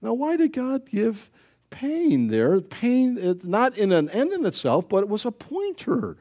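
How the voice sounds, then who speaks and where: A middle-aged man preaching a sermon in a joking, animated way, acting out little voices as he goes. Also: sits high, measured pace. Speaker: pastor.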